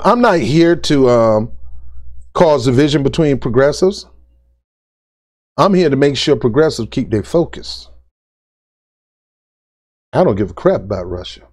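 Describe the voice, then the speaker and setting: A political commentary vlogger rants to camera, blunt and exasperated, his mid-range voice lively in intonation yet measured in pace, with long pauses and a slightly mellow tone. He keeps repeating his points in casual talk peppered with "ain't" and "dude."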